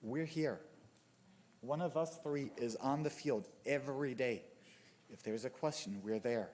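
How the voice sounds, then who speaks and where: A man's voice: mid-range voice, unhurried, a little mellow. Angry man pleading at a podium. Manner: angry, exasperated, stumbling over words. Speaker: youth soccer club member speaking at public comment. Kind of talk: impassioned public comment. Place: city commission meeting chamber.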